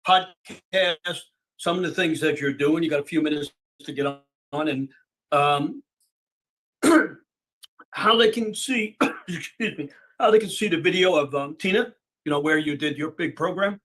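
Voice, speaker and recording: Guy hosting a group call, sharp bright tone, kinda halting and loose. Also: on the high side, rough recording. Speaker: call host.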